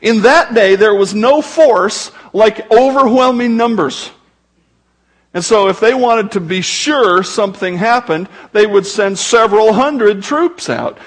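Pastor, male, high and husky; conversational sermon delivery with joking asides. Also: expressive, unhurried.

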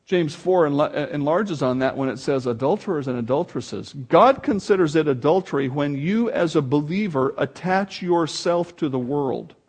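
A man's voice: fairly high pitch, normal speed, hardly any pauses, husky. A man preaching a sermon, emphatic and dramatic, reading scripture aloud. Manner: animated, emphatic preaching with dramatic swings in loudness. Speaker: pastor.

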